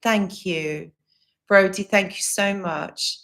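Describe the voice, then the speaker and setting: A woman's voice: medium pitch, steady tone, slow pace, a bit bright. Earnest woman coach on a live Q&A. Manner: earnest, reassuring, repeats advice. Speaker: recovery coach. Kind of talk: live Q&A stream, reading viewer comments.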